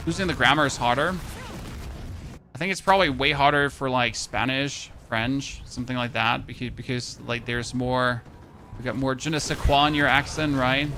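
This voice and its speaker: A man's voice: medium pitch, steady tone, moderate pace, background noise. A man with a German accent chatting casually to his live-stream audience while he plays, rambling, swearing and laughing at himself. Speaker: game streamer.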